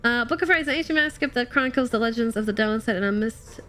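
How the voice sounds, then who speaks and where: A woman streaming a game, chatting casually and excitedly with her viewers while slightly ill and coughing. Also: on the high side, fast, faint music behind. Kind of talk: casual live-stream chat while playing.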